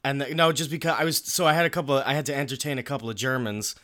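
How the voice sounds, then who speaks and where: A man's voice: medium pitch, fairly even intonation, rapid-fire, pushed and bright. A man hosting a casual chat, joking and rambling with frequent restarts.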